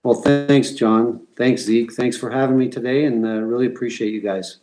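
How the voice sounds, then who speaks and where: Flat-toned man telling stories, halting. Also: medium pitch, low-quality recording. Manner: halting, many fillers and restarts. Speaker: guest, former pro hockey player. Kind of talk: relaxed interview storytelling.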